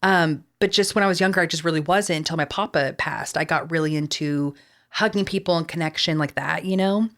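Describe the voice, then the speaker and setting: Texan woman podcasting, lowish voice, chatty, lots of likes and you knows, swears here and there. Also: a little fast, fairly bright tone. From Texas. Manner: chatty, swears casually, many fillers. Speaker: podcast host. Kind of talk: casual chat.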